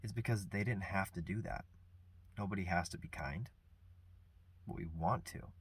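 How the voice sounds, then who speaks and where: A man speaking earnestly and reflectively about grief and forgiveness, soft-spoken with pauses. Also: low-pitched, breathy edge. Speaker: vlogger sharing personal grief. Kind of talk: reflective personal talk.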